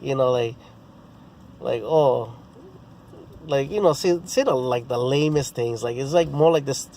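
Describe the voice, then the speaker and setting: A man's voice: medium pitch, darkish tone, a little hiss or hum. A man telling a rambling story in casual vlog style, with many restarts and fillers. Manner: rambling, full of restarts and "you know, bro". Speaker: sports vlogger.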